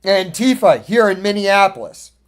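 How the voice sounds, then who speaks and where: A man with a fairly high voice rants through an opinionated podcast monologue. He is blunt and swears freely, and he tells his stories in a loose, casual way. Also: sing-song, normal speed. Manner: blunt, profane, ranting storyteller. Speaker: podcast host.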